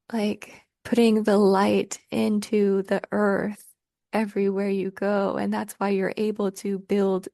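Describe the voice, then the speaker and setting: A woman's voice: mid-range voice, creaky, mellow, dry recording, clean studio sound. A woman hosting a spiritual conversation, talking in an effusive, emotional way full of gushing praise. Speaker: host.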